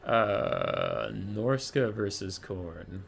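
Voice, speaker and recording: A man's voice: lowish voice, expressive, drawn-out words, creaky, soft background music. Chatty man streaming a strategy game. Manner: chatty, thinking aloud, muttering. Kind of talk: casual stream commentary.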